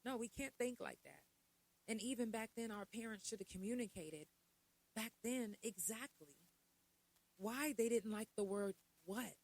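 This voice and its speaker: A woman's voice: a little high, lively intonation, a little slow, a little mellow, poor audio. Middle-aged woman on her podcast, chatty, keeps throwing rhetorical questions at the listeners. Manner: conversational, full of rhetorical questions and asides. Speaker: podcast host. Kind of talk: casual podcast monologue.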